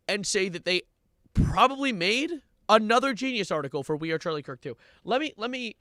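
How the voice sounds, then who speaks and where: A young man streaming live and reacting to online content, ranting sarcastically, swearing and breaking into loud outbursts. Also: high-pitched, expressive, a little fast, no echo, clean studio sound. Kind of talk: livestream reaction commentary.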